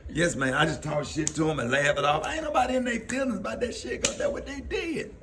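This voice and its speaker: A middle-aged man with a Southern accent from Alabama, a comedian telling a personal story in a casual, animated way, often laughing and acting out the people he quotes. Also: high voice, fast talker, background noise.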